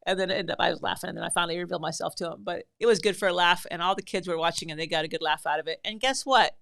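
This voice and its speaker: A middle-aged mother hosting her own podcast spins a casual story from home life. She talks in a chatty, self-deprecating way, often restarting her sentences, in a somewhat low voice. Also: expressive, rapid-fire, creaky, few pauses, fairly bright tone. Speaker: podcast host and mother of many.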